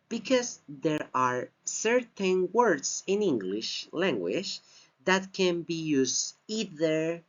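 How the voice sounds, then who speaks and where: Teaching a slide-based grammar lesson, a male English teacher moves at an unhurried, deliberate pace. His fairly bright voice rises and falls a lot, and he repeats key phrases for emphasis. The recording is dull and lo-fi.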